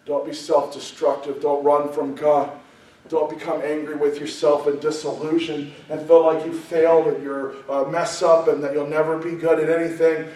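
A man preaching a sermon, speaking emphatically and building to loud, passionate peaks. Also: fairly high pitch. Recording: very echoey room, voice far from the mic.

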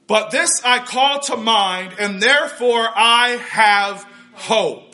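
A male pastor preaching a sermon, building to shouted emphasis on key words. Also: very high voice, animated, slow, hardly any pauses.

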